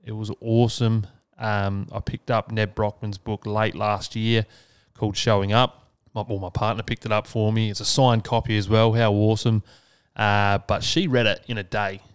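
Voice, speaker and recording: A man's voice: on the low side, flat delivery, moderate pace, smooth, dry recording, clean studio sound. An Australian man hosting a solo podcast, talking casually and earnestly, swearing freely. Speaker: podcast host.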